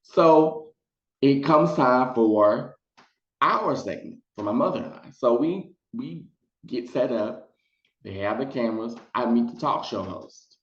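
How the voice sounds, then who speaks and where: A man telling a casual storytime to his viewers, chatty and animated, slipping into high put-on voices when quoting people. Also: takes it slowly, reverberant, lo-fi sound. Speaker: storytelling vlogger.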